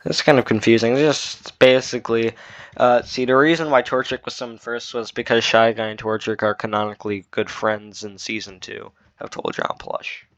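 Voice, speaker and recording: A man gives casual commentary on his own video, rambling and explaining with lots of fillers and restarts. His medium-pitched voice moves little in pitch and runs brisk, captured on a dull, dry, lo-fi mic.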